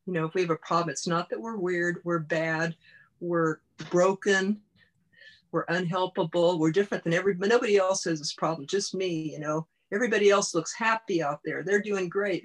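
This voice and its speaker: Earnest woman coach telling her story. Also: on the low side. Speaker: guest, body-mind coach. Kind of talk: personal storytelling in interview.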